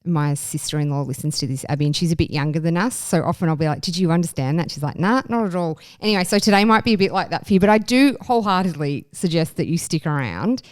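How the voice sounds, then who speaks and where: Low-voiced chatty woman. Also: lively intonation, fast talker, few pauses, no room sound. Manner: chatty and enthusiastic. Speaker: podcast host. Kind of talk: casual chat.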